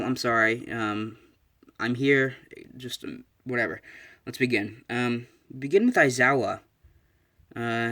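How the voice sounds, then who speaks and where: A man narrates his own fan story in a casual, unpolished way. He pauses often and restarts sentences as he goes. His voice sits at an ordinary middle pitch. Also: pushed and bright. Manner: hesitant, with frequent ums and restarts.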